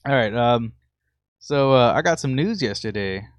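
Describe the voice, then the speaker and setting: A young man co-hosting a podcast in easygoing, casual chat. He tells stories loosely and laughs often. His voice sits at an ordinary pitch, recorded close and dry with no room sound. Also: moderate pace, clear, resonant tone, no echo. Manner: relaxed storytelling, laughs easily. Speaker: podcast co-host.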